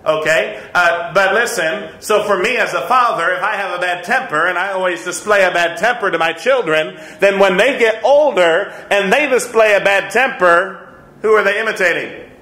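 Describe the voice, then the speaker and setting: Man, 30s, Sunday school teacher; bright voice, slightly high, echoey church room. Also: normal speed. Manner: earnest, repeats points, chuckles at himself. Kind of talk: conversational Bible lesson.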